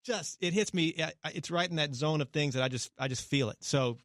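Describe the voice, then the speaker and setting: Fast-talking radio host, dry studio sound. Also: male voice, a little high, fairly bright tone, dry recording. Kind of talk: casual interview chat.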